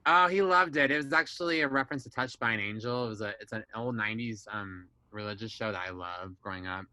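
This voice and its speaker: A man's voice: lowish voice, fast talker, bright, forceful tone, no echo, low-quality recording. A young man on a casual podcast, telling personal family stories candidly, swearing freely and acting out relatives' dialogue. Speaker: guest.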